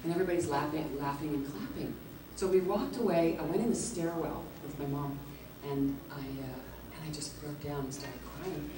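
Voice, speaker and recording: A woman guest at a convention Q&A, telling a lively anecdote, acting out the quotes and laughing often. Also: sits low, moderate pace, hardly any pauses. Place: large echoey convention hall. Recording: echoey hall, distant mic, background noise.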